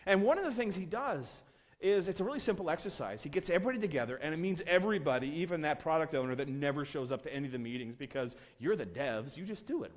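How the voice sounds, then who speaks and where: Animated storytelling male conference speaker. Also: a little high. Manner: animated, acts out quotes with a swinging voice.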